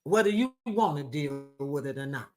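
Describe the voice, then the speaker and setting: A woman's voice: sits low, expressive, a little mellow, faint music behind. A woman hosting a live talk show, affectionate and emphatic, calling her listeners baby and honey as she reads chat comments. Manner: emphatic, drawn-out delivery. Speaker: host.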